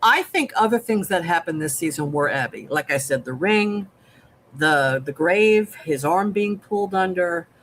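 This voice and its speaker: A co-host in a casual recap chat, chiming in with theories and quick to laugh. The pitch moves a lot. A faint hiss sits under the recording. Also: animated, fairly bright tone, poor audio. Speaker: podcast co-host.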